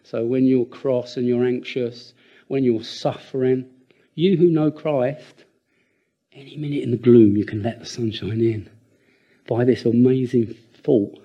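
An older man preaching a sermon, earnest and animated, with laughing asides and repeated words. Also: medium pitch, unhurried, lo-fi sound.

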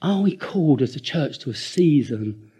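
An older man preaching a sermon, earnest and animated, with laughing asides and repeated words. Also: a little high, normal speed, slightly rough.

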